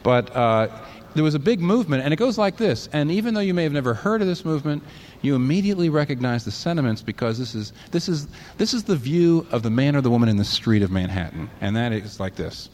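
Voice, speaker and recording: A man's voice: mid-range voice, sing-song, quick pace, darkish tone. A man preaching a sermon, arguing hard and firing rhetorical questions at imagined objectors.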